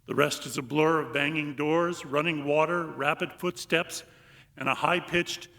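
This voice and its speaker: An older male priest giving a homily, slow and reflective with long pauses, and reading aloud with lively comic emphasis. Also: a little high, vocal fry. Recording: long reverb of a large hall.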